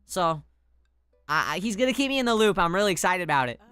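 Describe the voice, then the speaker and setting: A woman's voice: lowish voice, big pitch swings, fast talker, a bit bright, clear, resonant tone, no echo, faint music behind. A woman streaming a game, chatting playfully with viewers, swearing and laughing as she reacts. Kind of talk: casual game streaming chat.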